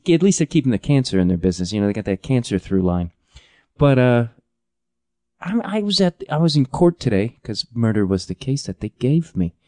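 A man's voice: medium pitch, mellow, no echo. A man in his thirties hosting a podcast, ranting in a profane, exasperated, rambling way with many restarts. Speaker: podcast host. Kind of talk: ranting comedic monologue.

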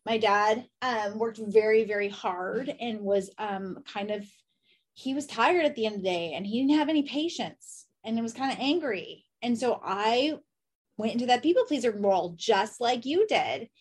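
Reflective woman guest, slightly high voice, thinking aloud in casual chat. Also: expressive, normal speed, husky. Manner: reflective, asks herself questions aloud. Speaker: podcast guest. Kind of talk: casual conversation.

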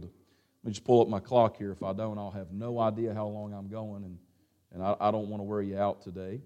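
A man's voice: fairly low pitch, little pitch movement, a little fast, mellow. A man preaching a sermon in church, folksy and casual, reading scripture aloud with rising emphasis. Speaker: pastor. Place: church sanctuary.

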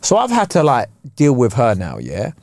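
A man, co-hosting a podcast and telling stand-up stories in a lively, swearing way, acting out the people he quotes. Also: moderate pace, creaky, no echo, studio quality. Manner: animated, swearing, acts out quotes with big pitch jumps. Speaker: podcast co-host and stand-up comedian. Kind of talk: casual storytelling chat.

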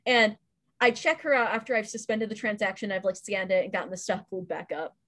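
A woman's voice: mid-range voice, brisk, fairly bright tone. A woman hosting a casual chat and telling a work story, acting out the quoted lines. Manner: chatty storyteller, acts out quoted dialogue. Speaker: podcast host.

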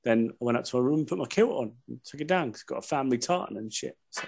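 A man's voice: medium pitch, lively intonation, racing, gravelly, a little mellow, slightly rough. A man chatting as a podcast guest, rambling through anecdotes with lots of swearing and laughter. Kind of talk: casual chat.

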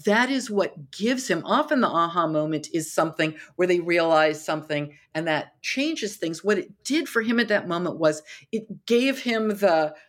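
A woman author, a podcast guest, explaining storytelling with lively retellings of film scenes. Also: lowish voice, moderate pace, hardly any pauses. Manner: animated, acts out dialogue in quotes.

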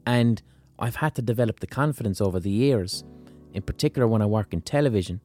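A man with an Irish accent delivers a casual podcast monologue, blunt and wry, swearing freely. His voice sits a little low and sounds mellow and relaxed. Faint guitar music plays quietly behind him. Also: fast talker. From Ireland. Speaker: podcast host.

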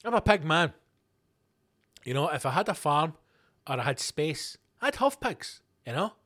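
A middle-aged Scottish man hosting a podcast, ranting alone in a sweary, animated, storytelling way. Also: a little high, a little slow. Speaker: podcast host. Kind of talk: casual solo rant.

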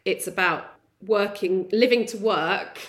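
A woman's voice: mid-range voice, measured pace. Chatty woman co-hosting a podcast. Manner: chatty storyteller, animated retelling. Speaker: podcast co-host. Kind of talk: casual chat.

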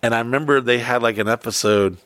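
A man's voice: medium pitch, fast, a bit bright, dry recording. A man co-hosting a podcast, talking in a crude, rambling, laid-back way. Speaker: podcast co-host. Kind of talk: casual podcast banter.

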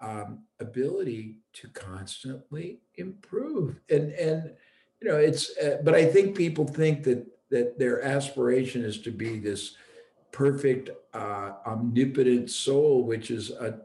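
A man's voice: mid-range voice, expressive, unhurried, mellow, roomy sound. A man hosting a reflective conversation, thinking aloud and circling back as he searches for the right words. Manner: thoughtful, restarts, searching for words.

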